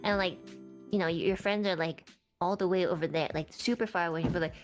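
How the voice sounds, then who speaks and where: A woman's voice: lowish voice, fairly even intonation, fairly quick, soft background music. A woman from Canada chatting on a stream collab, rambling and earnest, full of "like". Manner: rambling, lots of likes, earnest. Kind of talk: casual stream chat.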